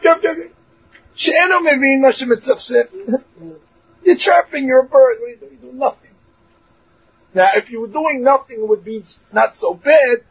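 A man teaching a Torah lesson in a lively, animated way, mixing Hebrew and English, acting out voices and laughing along the way. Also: very high voice, breathy edge. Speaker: rabbi teaching a class. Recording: dull lo-fi recording.

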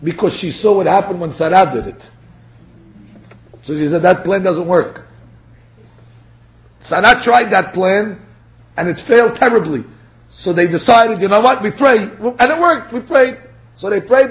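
A man's voice: high-pitched, moderate pace. A man teaching a Torah lecture to a class, acting out the quotes as he goes. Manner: animated, acts out quotes. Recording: dull lo-fi lecture recording.

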